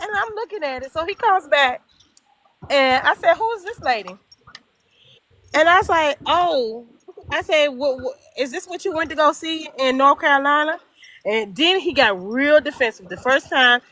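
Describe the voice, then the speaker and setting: A middle-aged woman telling a personal story in casual chat, animated and emphatic, acting out both sides of the dialogue. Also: high-pitched. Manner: emphatic repetition. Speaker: guest storyteller.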